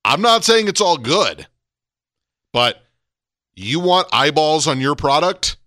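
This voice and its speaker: Brief: male podcast co-host, lively swooping delivery, bright tone, dry close mic, opinionated. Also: fairly high pitch, slow pace, no echo. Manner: emphatic, opinionated, rises sharply on key points. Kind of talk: casual wrestling podcast chat.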